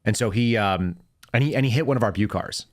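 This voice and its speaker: Male podcast host, ex-agent, low voice, rapid-fire rambling stories. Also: no room sound, studio quality. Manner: rapid, rambling anecdotes with self-corrections. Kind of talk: casual podcast chat and storytelling.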